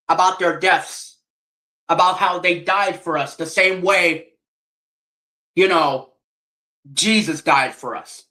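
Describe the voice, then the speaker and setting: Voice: mid-range voice, sharp tone. A streamer in a heated, profane political rant who keeps asking rhetorical questions. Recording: roomy echo.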